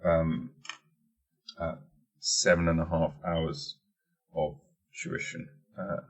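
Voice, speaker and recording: A man's voice: rumbling low, fairly even intonation, slow, husky. A man hosting a casual solo podcast, rambling and jokey and swearing freely. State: wearing teeth-straightening trays. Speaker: podcast host.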